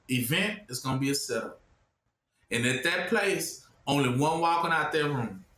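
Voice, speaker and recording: A man preaching informally, often pausing with "what?" for listeners to finish his sentences. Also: fairly high pitch, pushed and bright, roomy sound. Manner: asks the audience to fill in the word with "what?".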